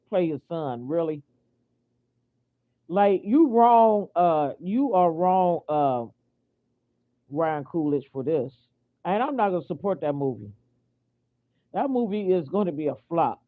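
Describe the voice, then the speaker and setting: An American woman ranting in a casual vlog, indignant and repetitive, stopping and restarting her sentences with lots of fillers. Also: lowish voice. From United States. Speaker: vlogger. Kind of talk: casual opinion rant. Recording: tinny phone-like audio.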